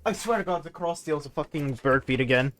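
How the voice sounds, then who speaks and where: A man's voice: on the high side, expressive, a little fast. A young man chatting casually on a live stream while gaming, rambling animatedly and laughing often.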